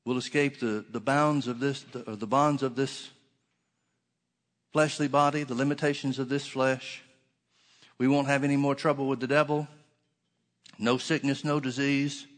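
A man preaching a sermon, earnestly repeating key phrases and slowing down to stretch out the scripture he quotes. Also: mid-range voice, flat delivery.

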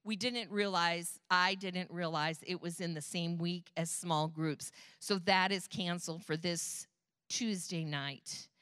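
A woman's voice: fairly low pitch, steady tone, measured pace, fairly bright tone, clear, resonant tone, no room sound, clean studio sound. A woman co-pastor giving church announcements in a conversational manner, with frequent fillers.

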